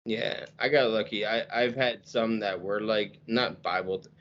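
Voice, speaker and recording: A man's voice: fairly low pitch, fairly even intonation, unhurried, a bit bright, dull audio. A man from the United States hosting a podcast, chatting casually and teasing his guest. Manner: joking, teasing. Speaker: podcast host. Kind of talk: casual chat.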